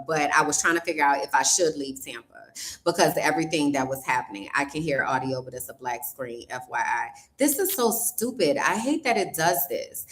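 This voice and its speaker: A woman's voice: deep voice, a bit bright. A woman host chatting casually with her livestream audience, a little flustered and talking straight to her chat. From New Orleans. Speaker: podcast host. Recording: roomy echo.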